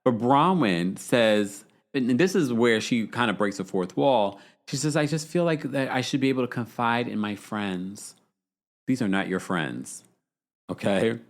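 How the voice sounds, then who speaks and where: A man's voice: medium pitch, a little slow. A man hosting a live-stream reality TV recap, chatting casually and reading out viewer comments. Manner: chatty, animated, reads viewer super chats. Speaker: podcast host.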